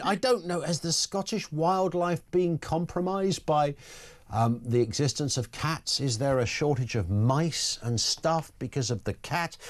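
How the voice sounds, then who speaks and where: A man hosting a talk radio phone-in, blunt and wry, with quick chatty asides. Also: medium pitch. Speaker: radio talk show host.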